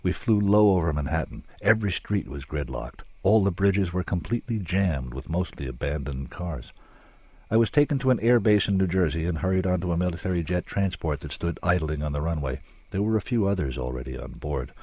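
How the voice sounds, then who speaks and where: A man narrating a story in a measured, dramatic way, with drawn-out pauses. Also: low-pitched, lively intonation, mellow, slightly rough, dry recording.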